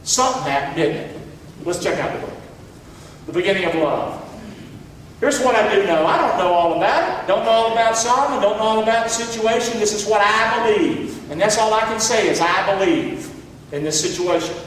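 A man's voice: sits high, a little fast, fairly bright tone, a little hiss or hum. A man pastor preaching a sermon, calling on the congregation to repeat words back. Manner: preaching with call-and-response to the congregation. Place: church hall. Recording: echoey hall from far off.

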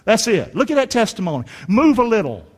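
A middle-aged male pastor preaching a sermon in a folksy way, rising to shouts and dropping to near-whispers. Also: sits high, big pitch swings, a little fast, breathy edge. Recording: long hall reverb.

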